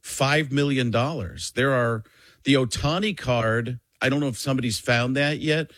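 Animated male comedian from Wisconsin. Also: mid-range voice, moderate pace, dry recording. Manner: animated storytelling, self-interrupting. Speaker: comedian guest. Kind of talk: casual radio interview chat.

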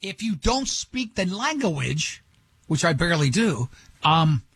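A man's voice: on the high side, sing-song, measured pace, a bit bright, husky, no echo. A male radio host in casual talk, rambling and teasing, often stumbling over his own sentences. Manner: rambling, self-interrupting, teasing.

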